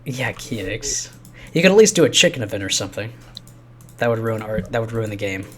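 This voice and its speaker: A man's voice: on the low side, expressive, fairly quick, a little hiss or hum. A man in his thirties casually chatting while playing through a game quest, rambling and chuckling with many fillers. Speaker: game host recording a quest playthrough. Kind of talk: casual gaming chat.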